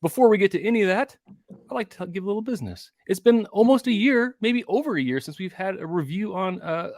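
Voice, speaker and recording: A man's voice: high-pitched, quick pace, no room sound, studio quality. A man co-hosting a casual whiskey podcast, upbeat and chatty as he runs through the show's business. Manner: upbeat, animated promo patter. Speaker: podcast co-host.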